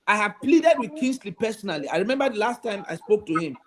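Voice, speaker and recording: Guy, bishop on a call-in show, high voice that swings all over, earnest and pleading. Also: very animated, quick pace. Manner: earnest and pleading, acts out quoted dialogue. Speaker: bishop, guest. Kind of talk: talk-show interview, storytelling.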